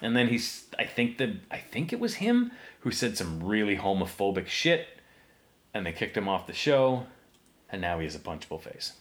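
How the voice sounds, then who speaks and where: A man riffing through a movie commentary podcast with crude jokes and a lively, swooping voice. He sounds a little tipsy, mocking the film as it plays. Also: lowish voice, moderate pace. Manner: crude, joking, animated riffing. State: tipsy from drinking. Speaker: podcast co-host. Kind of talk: casual movie commentary chat.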